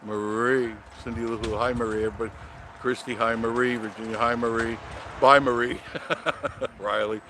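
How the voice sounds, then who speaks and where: Man, live stream host, casual rambling chat, chuckles, middle pitch, noisy background. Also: flat delivery, moderate pace. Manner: rambling storyteller, chuckles often. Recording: audible background noise.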